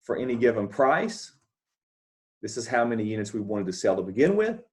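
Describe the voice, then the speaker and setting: Very animated and a little fast, a man of medium pitch talks through an economics lecture on a recording. He goes over scribbled notes, not a board, explaining step by step and repeating the main points with checking questions.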